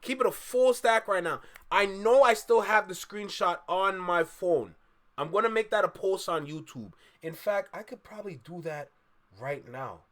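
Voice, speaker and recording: A man's voice: sits high, normal speed, a bit bright. A man from Toronto hosting his reaction stream, chatty and casual, always calling the audience "bruh" and "y'all.". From Toronto, Canada.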